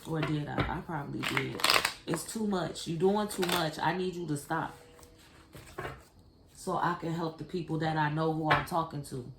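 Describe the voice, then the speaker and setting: Low-voiced blunt woman reading cards, echoey. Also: normal speed. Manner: blunt, profane, talks straight to the viewer. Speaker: tarot card reader. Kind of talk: casual spiritual card reading. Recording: echoey room with faint noise.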